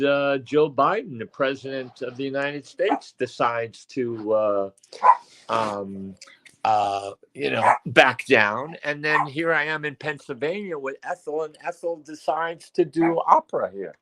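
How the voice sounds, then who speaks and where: Older male guest, slow and rambling, lots of restarts. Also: medium pitch, heavy background noise. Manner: rambling, halting, many fillers and restarts. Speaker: psychic medium co-host. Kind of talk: casual chat. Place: at home.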